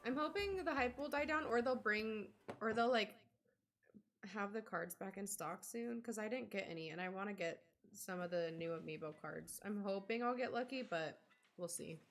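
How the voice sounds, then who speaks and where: A woman's voice: medium pitch, normal speed. A young woman streamer chatting casually while she plays a cozy life-sim game, rambling and talking to her chat.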